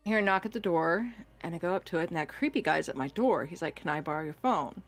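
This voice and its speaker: Lowish-voiced woman telling a scary story. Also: quick pace, soft background music. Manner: animated, acts out voices in her stories, laughs often. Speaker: guest storyteller. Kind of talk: casual storytelling on a podcast.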